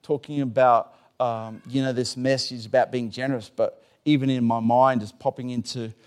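A middle-aged man, preaching a sermon in a chatty, animated way, acting out his own inner voice and laughing often. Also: mid-range voice, normal speed, smooth. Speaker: pastor. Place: church.

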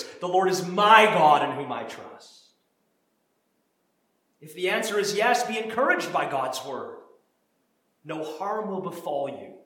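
A man's voice: high voice, fairly bright tone. A man preaching a sermon as pastor, earnest and repeating words when he stresses a point. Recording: very echoey room.

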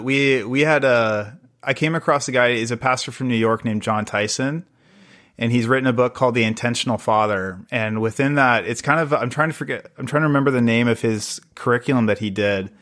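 A man's voice: medium pitch, moderate pace, fairly bright tone. A man talking as a podcast guest, earnest and rambling, with many fillers and restarts. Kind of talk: casual interview conversation.

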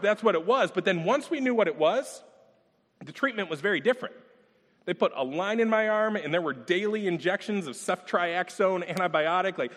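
A man with a fairly high voice preaches a sermon in a casual, storytelling way and keeps asking rhetorical questions. His voice rings out through a large hall with a long echo trailing behind each phrase. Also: fairly bright tone. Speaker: pastor.

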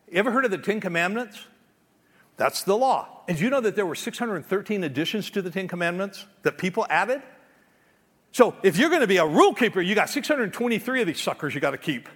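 A man's voice: high-pitched, animated, fast talker, fairly bright tone, big-room sound. A man preaching a sermon as pastor, emphatic and conversational, often restarting his words.

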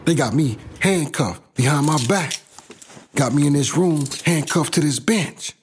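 A man's voice: on the high side, a little slow, a little hiss or hum. A middle-aged man from South Los Angeles telling his own life story in a blunt, profane, casual way.

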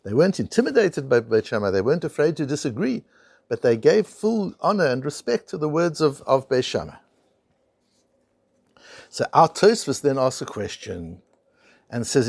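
A man's voice: mid-range voice, very animated, moderate pace, vocal fry, darkish tone, slightly rough, dry recording. A man teaching a Talmud class, telling the stories with animation and weaving in Hebrew and Aramaic terms. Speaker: Torah teacher.

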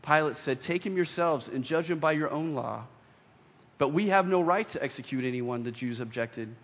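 A man's voice: fairly high pitch, fairly bright tone. Man preaching in an echoing hall. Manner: earnest preaching, reads scripture aloud with emphatic pauses. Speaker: pastor. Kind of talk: sermon. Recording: dull lo-fi sound with long hall reverb.

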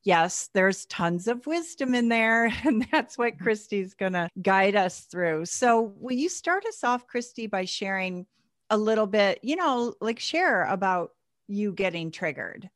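A woman's voice: mid-range voice, animated, measured pace, no echo, clean studio sound. A woman hosting a podcast interview, upbeat and chatty, laughing often. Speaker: podcast host.

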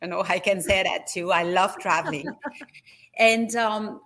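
A middle-aged woman with a French accent and French as her first language, answering interview questions in short, halting phrases. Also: on the low side, a bit bright. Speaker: interview guest, company founder.

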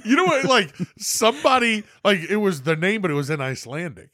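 Brief: male podcast host, animated storyteller with a fairly high voice, dry recording. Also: fairly quick, no room sound. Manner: animated storyteller, swears a lot, laughs often. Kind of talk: casual chat.

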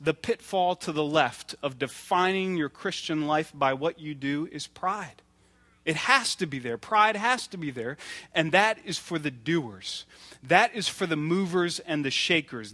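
A man's voice: fairly high pitch, a bit bright. A man in his thirties preaching a sermon in an earnest, conversational way, acting out little stories as he goes. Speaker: pastor.

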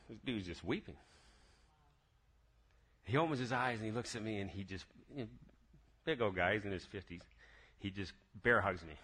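A man telling his personal faith testimony in a casual, lively way, full of excited restarts. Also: low-pitched. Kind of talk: casual spoken testimony storytelling.

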